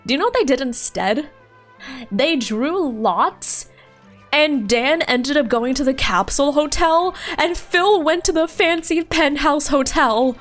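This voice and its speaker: A young woman streaming a game, chatting casually in an excitable, chatty way and laughing often. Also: sits high. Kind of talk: casual gaming stream chat.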